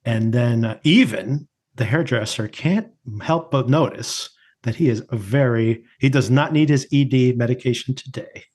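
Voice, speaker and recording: A man of ordinary pitch co-hosts a casual podcast. He retells scenes from a TV episode with frequent laughter, in a loose, chatty way. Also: moderate pace, darkish tone. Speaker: podcast co-host. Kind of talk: casual chat reviewing a TV episode.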